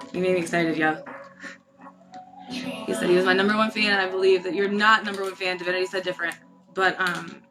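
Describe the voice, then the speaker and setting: Brash woman freestyling, gravelly, cussing, backing beat up loud. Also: lowish voice. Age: adult with a daughter. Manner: brash, profane, rapid rhymes with self-corrections. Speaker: freestyle rapper. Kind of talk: freestyle rap over a beat. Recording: loud music beat behind the voice.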